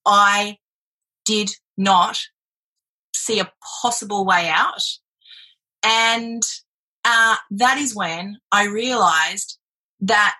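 A woman talks openly and earnestly, dropping in casual swear words. Her voice is bright and husky. It sounds like a frank podcast conversation. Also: medium pitch. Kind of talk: casual chat.

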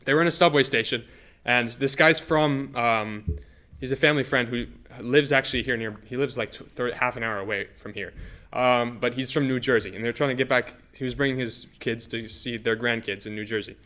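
A man's voice: medium pitch, a little fast, pushed and bright. A man co-hosting a podcast, telling eerie stories in a rambling, casual way and laughing easily. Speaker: podcast co-host. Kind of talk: casual storytelling chat.

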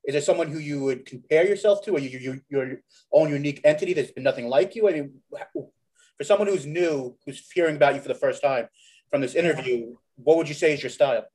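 Halting male interviewer, slightly high voice. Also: a little mellow, poor audio. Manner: halting, rephrases his questions. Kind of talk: interview questions.

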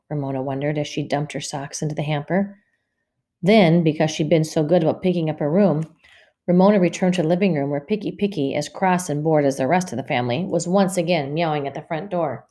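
A woman narrating a children's storybook in an expressive, measured reading. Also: low-pitched. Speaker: audiobook reader.

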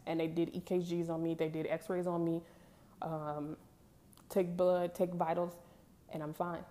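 A young woman talks straight to her viewers, candid and emphatic. Her voice sits a little low, with a warm, mellow tone. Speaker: vlogger. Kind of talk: casual storytelling to camera.

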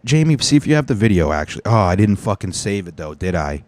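Man hosting a podcast, low dark voice, rambling and joking, dry sound. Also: sing-song, fast, hardly any pauses, dry recording. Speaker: podcast host. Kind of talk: casual chat.

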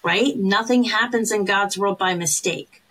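A woman co-hosting a casual podcast, earnest and encouraging as she coaches a friend. She swears freely and laughs easily, and her pitch sits in the middle range. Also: unhurried, fairly bright tone, rough recording. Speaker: podcast co-host, recovery sponsor.

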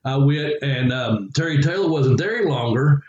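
A man's voice: mid-range voice, lively intonation, normal speed, a little mellow, dull audio. Rambling man in an echoey room. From Southern United States. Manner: rambling anecdotes with frequent chuckles and fillers. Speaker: guest, former pro wrestler. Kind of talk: casual storytelling interview. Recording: echoey room with faint ambience.

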